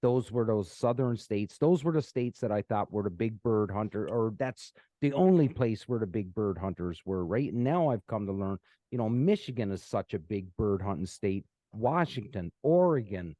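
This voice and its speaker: Dark-voiced chatty male podcast host. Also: lowish voice, animated, moderate pace, no echo. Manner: chatty, many fillers and restarts. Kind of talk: casual chat.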